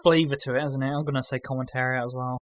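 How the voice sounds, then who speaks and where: A man's voice: mid-range voice, flat delivery, racing, no echo, studio quality. A man co-hosting a casual podcast, heckling the others crudely. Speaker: podcast co-host. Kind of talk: casual banter.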